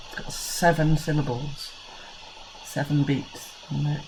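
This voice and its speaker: A woman teacher with an English accent, talking young pupils through a recorded lesson and counting out syllables slowly and clearly. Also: low voice, a little mellow, slight background noise, poor audio. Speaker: primary school teacher.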